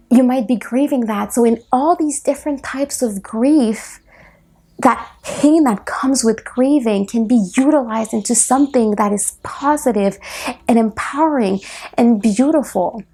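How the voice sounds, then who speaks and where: A woman hosting a personal solo podcast, speaking softly and reflectively, close to tears at times. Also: fairly high pitch. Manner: soft, reflective, slow and heartfelt. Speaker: podcast host.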